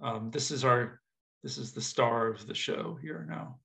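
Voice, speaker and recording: A man's voice: medium pitch, unhurried, gravelly, a bit bright. A man giving an informal mathematics lecture, thinking aloud with casual asides and checking that his audience follows.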